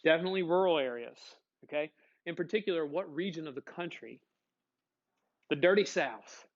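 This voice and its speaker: A man's voice: fairly high pitch, animated, normal speed, highs cut off. A male teacher giving a conversational classroom lecture, asking the class questions and answering them himself.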